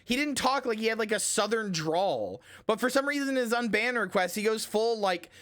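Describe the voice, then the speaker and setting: A woman with a high voice chats with viewers on a live stream. She tells stories in an animated, rambling way, full of casual swearing. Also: moderate pace.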